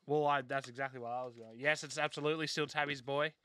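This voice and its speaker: A man hosting a live trading card break, excitably calling out each card and joking with a co-host. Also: medium pitch, fast, slight background noise. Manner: excitable, banters and jokes while calling out pulled cards. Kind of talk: live case break commentary.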